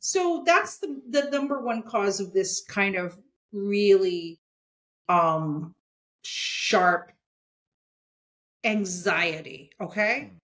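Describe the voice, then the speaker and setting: A woman's voice: mid-range voice, expressive, drawn-out words, pauses often, a bit bright. A woman talking bluntly and emphatically as a guest in a casual interview, often checking in with "okay?". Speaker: comics editor and guest.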